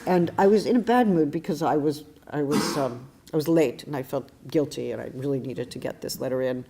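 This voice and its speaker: Woman lecturer with a deep voice; reflective, self-deprecating, halting delivery. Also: gravelly, background noise. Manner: thoughtful, wry, self-deprecating storyteller; frequent restarts and hesitations. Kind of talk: academic lecture with personal anecdote.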